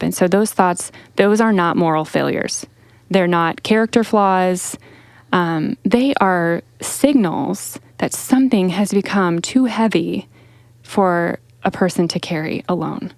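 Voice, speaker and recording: A woman co-hosting a podcast and speaking as a clinician, explaining calmly and steadily with frequent "you know" fillers. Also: fairly low pitch, slow, dry recording, clean studio sound. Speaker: podcast co-host and mental health clinician. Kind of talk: casual faith-based discussion.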